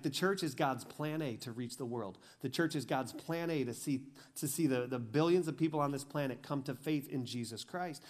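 A pastor from Michigan preaching a sermon, telling stories and acting out the dialogue, building to emphatic peaks and then dropping to quiet intensity. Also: male voice, on the high side.

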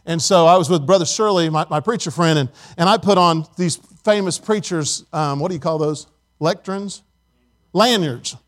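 High-voiced man preaching a sermon. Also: normal speed. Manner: emphatic preaching with audience call-and-response. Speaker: pastor.

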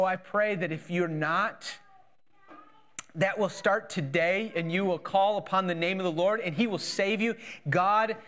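A man with a fairly high voice preaches a sermon. He speaks earnestly, sinks soft and low when he reads prayers, and rises again to stress a point. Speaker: pastor.

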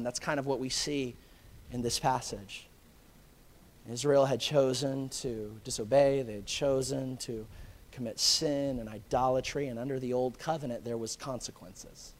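A man preaching a sermon, swinging from hushed, intimate lines to impassioned near-shouting. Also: mid-range voice. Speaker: pastor. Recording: long reverb of a large hall.

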